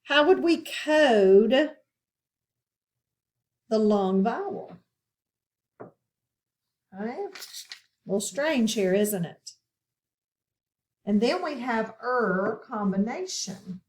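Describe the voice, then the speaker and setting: A woman teaching a phonics lesson to children, asking questions and pausing patiently for answers. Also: a little high, animated, a little mellow. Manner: slow, patient, asks questions and pauses.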